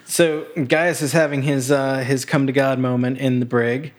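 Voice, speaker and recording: A man's voice: mid-range voice, moderate pace. A man co-hosting a podcast, casually recapping a TV episode with plenty of fillers. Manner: relaxed, loose recap full of fillers and laughs. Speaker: podcast co-host.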